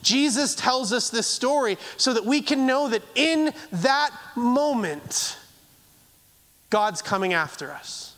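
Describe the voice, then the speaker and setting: A man preaching a sermon in an earnest, halting way, often restarting his phrases and moving between raised and hushed delivery. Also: very high-pitched, animated. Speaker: pastor.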